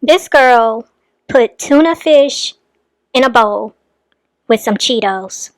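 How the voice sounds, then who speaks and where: A woman's voice: fairly high pitch, slow pace, long pauses, no room sound. A woman hosting a reaction commentary, talking in an indignant, emphatic way about a clip she is playing. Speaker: commentary host.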